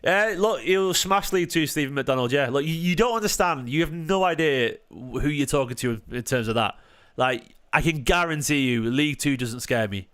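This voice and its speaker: A man hosting a live football watchalong, sarcastic and defensive as he talks back to viewers in the chat, moving from low mutters to sharp raised outbursts. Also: lively intonation, moderate pace, hardly any pauses, smooth. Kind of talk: live-stream match commentary and chat replies.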